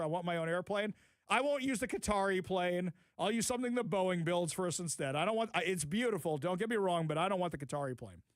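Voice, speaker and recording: A man hosting a political talk radio show, sarcastic and animated, repeating phrases for emphasis. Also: high-pitched, no echo.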